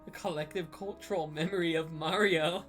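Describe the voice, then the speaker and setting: A woman's voice: low-pitched, steady tone, normal speed, faint music behind. A young woman streaming casually, giggly and profane, often collapsing into laughter. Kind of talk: casual chat on a livestream.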